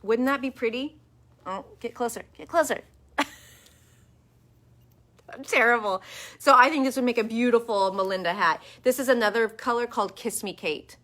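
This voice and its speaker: A woman's voice: a little high, normal speed, pauses often, a bit bright. A woman hosting a casual live chat from her yarn shop, enthusiastic and full of fillers, speaking to a webcam. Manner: chatty, enthusiastic, lots of fillers.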